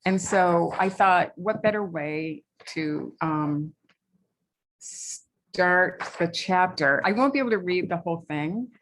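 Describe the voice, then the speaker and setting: A woman from New England reads aloud from her novel at a library talk. Her voice sits on the low side, and she pauses with fillers between passages. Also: a little hiss or hum. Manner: hesitant with fillers between readings. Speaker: author.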